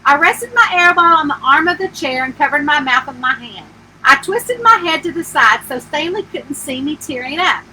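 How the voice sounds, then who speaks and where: A woman author reading her own novel aloud as a bedtime story at home, narrating in first person with lively feeling for the heroine. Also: sits high, moderate pace, a little hiss or hum, low-quality recording.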